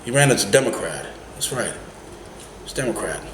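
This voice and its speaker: Ranting cab driver, echoey room. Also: male voice, on the low side, big pitch swings, fairly quick, slight background noise. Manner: emphatic, heated, rhetorical questions. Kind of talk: opinionated political rant vlog. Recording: echoey room, faint ambience.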